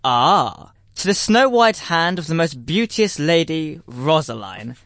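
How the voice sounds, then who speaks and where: An actor playing a pompous, pedantic schoolmaster, speaking in declaiming verse. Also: male voice, fairly high pitch, big pitch swings, slow, a bit bright, dry recording, studio quality, heavily acted. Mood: grandiloquent. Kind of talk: stage acting in verse.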